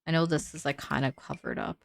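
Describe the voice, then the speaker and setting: A woman's voice: sits low, expressive, quick pace, creaky, slight background noise. A young woman casually thinking aloud while she builds in a game, chatty and full of "like"s. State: sleepy, yawning. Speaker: gaming creator building in a life sim.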